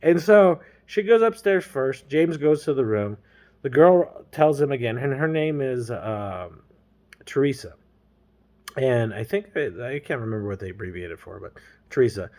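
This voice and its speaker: A man's voice: mid-range voice, expressive, moderate pace, dark tone. A man with a mid-range voice retells a novel in loose, everyday speech. He rambles, leans on slang and keeps stopping on little fillers. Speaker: storyteller. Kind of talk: casual book recap.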